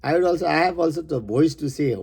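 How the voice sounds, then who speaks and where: A man who is a poet, reading his poem verse by verse and stopping for halting, rambling asides. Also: on the high side, creaky, darkish tone, husky.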